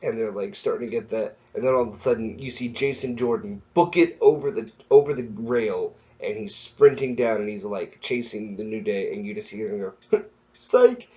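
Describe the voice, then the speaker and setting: A young man giving a casual, excitable recap, rambling and correcting himself as he goes. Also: fairly low pitch, moderate pace, a little hiss or hum. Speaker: wrestling recap vlogger. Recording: muffled lo-fi recording.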